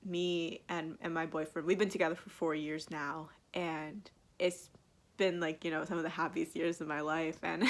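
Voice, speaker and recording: A woman's voice: low voice, little pitch movement, fairly quick. Young woman vlogger, gushing reaction talk, emotional and teary, laughs through it. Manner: gushing, filler-heavy, emotional, breaks into laughs. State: teary, on the edge of crying. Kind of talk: casual live reaction.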